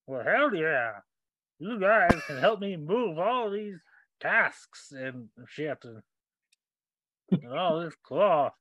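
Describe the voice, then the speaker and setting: A man's voice: on the high side, animated, slow, pauses often, fairly bright tone, dry recording, highs cut off, exaggerated voice. A man voicing an impatient, scheming male wizard who runs a smuggling ring in a tabletop game. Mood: bossy.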